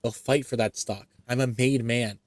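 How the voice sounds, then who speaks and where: A man's voice: medium pitch, fairly even intonation, moderate pace, dry recording, natural voice. A man reading as a giddy, overjoyed man. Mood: exultant. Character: giddy man thrilled by sudden fortune.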